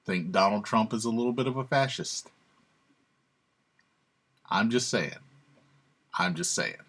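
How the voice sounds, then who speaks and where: A man's voice: fairly low pitch, unhurried, fairly bright tone. A man hosting his own channel, giving sarcastic, emphatic opinionated commentary and chuckling to himself. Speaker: channel host.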